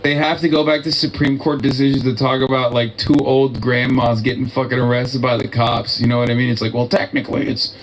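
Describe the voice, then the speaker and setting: A man's voice: medium pitch, little pitch movement, a little fast, few pauses, low-quality recording. A man co-hosting a casual reaction show, giving blunt and opinionated rants. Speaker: co-host reacting to a video.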